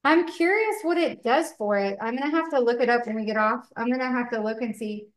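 A woman's voice: on the high side, brisk, roomy sound. A woman co-hosting a casual chat while she bakes at home, talking in a loose way with lots of fillers and laughs. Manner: chatty, many fillers, laughs often. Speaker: podcast co-host.

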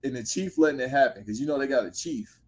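A man co-hosting a podcast, casually telling a long story in animated, slang-filled speech. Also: mid-range voice, fast talker.

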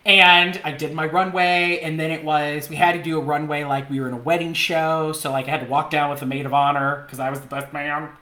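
A man co-hosting a podcast, telling a story in a casual, animated way, laughing often and mimicking the people in it. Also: fairly high pitch, fairly quick, hardly any pauses. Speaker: podcast co-host. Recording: roomy echo.

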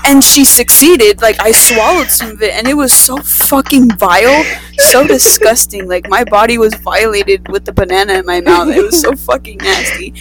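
A woman's voice: on the high side, lively intonation, over music, poor audio. Profane teenage girl rambling through a story. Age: teens. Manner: profane, rambling, quick asides. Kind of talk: casual storytelling chat.

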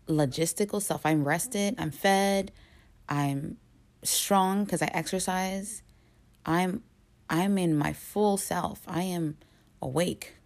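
A woman speaks slowly and earnestly in a lower voice, giving a motivational talk. She leans on words for emphasis, lets dramatic pauses hang, and sometimes sinks into a hushed whisper.

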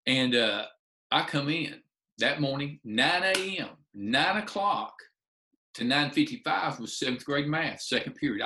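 A man's voice: medium pitch, roomy sound. A man tells a story to an audience, acting out the dialogue with lots of restarts. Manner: animated storyteller, acts out dialogue, restarts often. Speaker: speaker telling a story from his teaching career.

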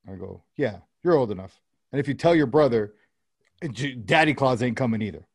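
A man's voice: fairly low pitch, fairly quick, breathy edge, no room sound, studio quality. A man, likely in his thirties, telling a rambling, profane story about his kids in casual chat. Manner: rambling, profane anecdote-telling with quoted dialogue.

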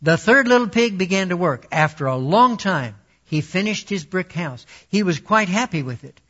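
A man reading a children's story aloud slowly and deliberately, and then teaching a Bible lesson. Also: high-pitched, lively intonation, bright, forceful tone. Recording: dull lo-fi recording.

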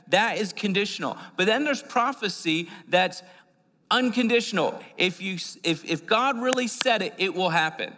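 A man's voice: high voice, expressive, moderate pace, sharp tone. A man preaching a conversational sermon in a church, often repeating words and using fillers as he goes. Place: church sanctuary. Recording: long hall reverb.

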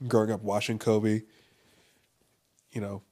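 A man's voice: on the low side, little pitch movement, a little slow, darkish tone. A young man from Los Angeles talking in a rambling, casual monologue, full of profanity, fillers and restarts.

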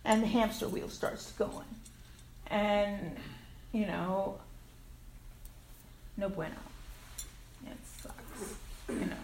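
A woman's voice: mid-range voice, steady tone, slow pace, pauses often, a little mellow, a little hiss or hum. An older woman sharing her recovery story at a meeting, candid and frank, swearing casually and laughing at herself. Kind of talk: personal recovery share. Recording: echoey room with faint ambience.

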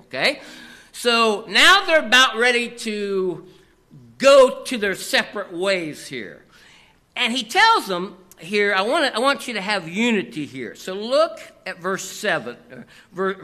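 Man, pastor, sermon, bright ringing tone, animated delivery. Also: sits high. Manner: animated preaching, repeats "here" constantly, questions the congregation.

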